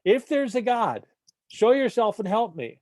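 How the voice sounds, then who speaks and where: A man's voice: sits high, huge pitch swings, takes it slowly, a little mellow, slightly rough, no echo, voice pushed up, full character voice. A man voicing a desperate hiker who dangles from a cliff and cries to the sky for help, in a joke told during a church class. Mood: panicked. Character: panicking man hanging from a cliff.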